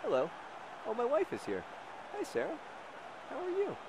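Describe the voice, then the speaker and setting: A man giving casual, rambling gameplay commentary with jokey deadpan asides. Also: very high-pitched, normal speed, noisy background. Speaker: video game commentator.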